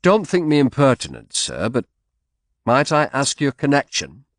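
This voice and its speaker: A man's voice: mid-range voice, huge pitch swings, moderate pace, no echo, studio quality, voice pushed up. A man reading the part of a tired, polite middle-aged barrister with a Northern English accent. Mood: concerned.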